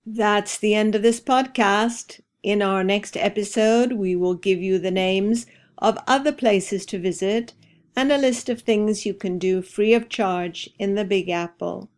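A woman hosting an English-learning podcast, reading a scripted repeat-after-me drill with careful, deliberate enunciation. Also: medium pitch, a little mellow. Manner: slow, carefully enunciated repetition. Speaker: ESL podcast teacher.

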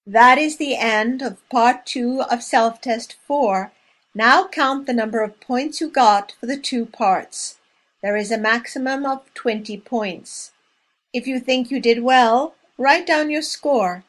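Slow, measured woman teaching a drill. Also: on the high side, a bit bright. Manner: clear, measured, spacing out each word. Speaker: language teacher. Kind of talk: slow, deliberate language drill.

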